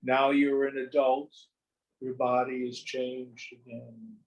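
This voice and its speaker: A man teaching a study group on a spiritual text, speaking slowly and deliberately and sometimes acting out little dialogues. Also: medium pitch, flat delivery, low-quality recording.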